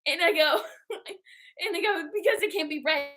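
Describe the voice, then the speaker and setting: Young female co-host with a high, bright voice, lively at telling stories in casual chat. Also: moderate pace. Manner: animated storyteller who acts out quotes. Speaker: book club co-host.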